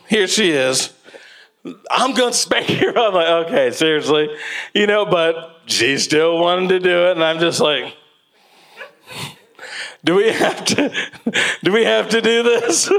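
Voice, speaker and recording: A man preaching a sermon as pastor, telling lively stories with laughter and then slowing into earnest exhortation. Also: sits high, clear, resonant tone.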